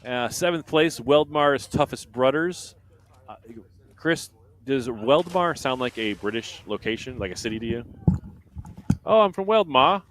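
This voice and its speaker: A man's voice: mid-range voice, a little slow, a little hiss or hum. A man doing live race commentary from a booth, reading out team standings and viewer comments in a chatty way.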